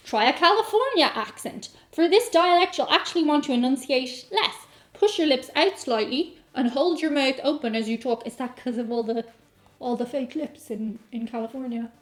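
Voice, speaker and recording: Deadpan woman with jokey asides. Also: high voice, normal speed. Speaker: host. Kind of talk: comic reading of an accent tutorial. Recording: echoey room with faint music.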